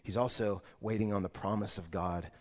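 A man's voice: fairly low pitch, fairly even intonation, moderate pace, darkish tone. A young man preaching a sermon in a church, telling a story casually and then turning earnest. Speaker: pastor. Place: church sanctuary. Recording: long reverb of a large church room.

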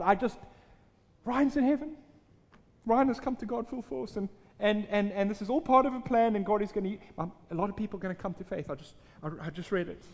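Man, pastor, sermon storytelling, earnest, restarts, long echoing reverb. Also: high-pitched. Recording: reverberant hall.

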